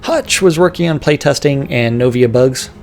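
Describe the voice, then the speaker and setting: Over soft background music, a livestream host reads through team updates at a brisk clip, slipping into casual asides and laughing banter. His voice is medium-pitched with a darkish tone.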